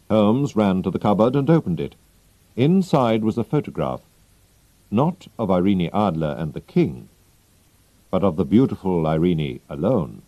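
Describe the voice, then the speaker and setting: Male audiobook narrator: slow, low, mellow, expressive, dull dry audio. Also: no echo. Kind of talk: slow, clear graded-reader narration.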